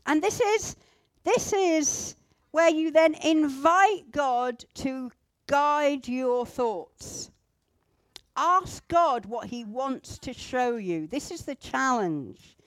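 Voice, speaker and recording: A woman teaching a group how to pray, gentle and instructive, with pauses. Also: high-pitched, dry recording. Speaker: church group leader. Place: indoor room with a group at tables.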